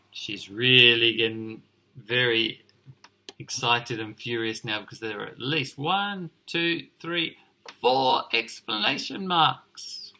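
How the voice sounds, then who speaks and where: A male teacher reading a picture book aloud to children, expressive and encouraging as he points things out. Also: mid-range voice, slow pace.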